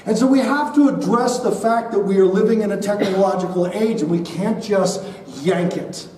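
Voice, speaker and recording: A man in his forties with a high voice gives a lively keynote talk to parents, pulling the crowd into call-and-response. His voice rings around a roomy hall as if heard from some way off, over a faint murmur of room sound. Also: moderate pace, far from the mic, slight background noise. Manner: energetic, leads the audience in call-and-response. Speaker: keynote speaker at a school parent night. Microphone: body-worn mic.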